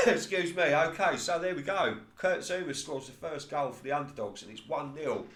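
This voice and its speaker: In a reverberant space, a man with a voice on the high side narrates his own football management game like a play-by-play commentator. He talks at a moderate pace with few pauses, gets excited at near misses, and laughs at his slip-ups, all casually.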